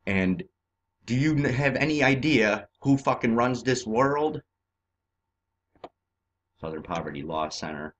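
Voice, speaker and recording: A man from California ranting in a profane, agitated way over on-screen maps, swinging between shouting and muttering. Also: mid-range voice, expressive, unhurried, long pauses, lo-fi sound. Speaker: vlogger.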